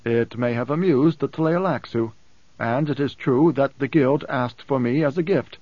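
A man reading an audiobook, voicing a composed, wry man who speaks in a measured, deliberate way. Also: mid-range voice, no echo, dull audio, lightly acted. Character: calm, cool-headed man, dryly amused.

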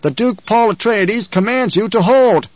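Man doing a stern young duke, commanding, raised and loud, dull dry recording. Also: a little high, expressive, normal speed, dry recording, voice pushed up, lightly acted. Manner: commanding, shouted orders.

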